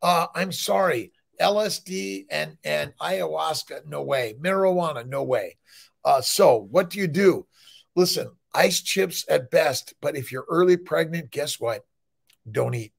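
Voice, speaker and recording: A man's voice: fairly high pitch, unhurried, gravelly. A middle-aged male fertility doctor hosting a morning livestream, talking in an emphatic, rambling way with blunt, profane asides. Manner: emphatic, rambling, peppered with "listen" and "right?". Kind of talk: energetic motivational monologue.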